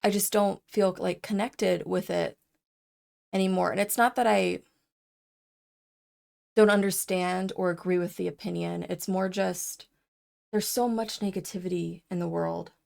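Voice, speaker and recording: In an unedited personal vlog, a young woman rambles with lots of fillers and grows tearful, eventually crying as she speaks openly about her feelings. Her lowish voice is gravelly and a little mellow, with a steady tone, a measured pace, and frequent pauses.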